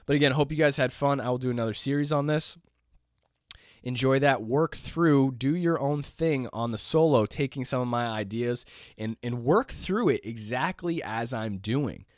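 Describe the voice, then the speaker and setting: A man hosting a jazz piano podcast lesson, talking in a relaxed, rambling way with fillers, his voice going hoarse. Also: mid-range voice, moderate pace, no room sound, clean studio sound. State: losing his voice, clearing throat. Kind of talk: casual spoken lesson.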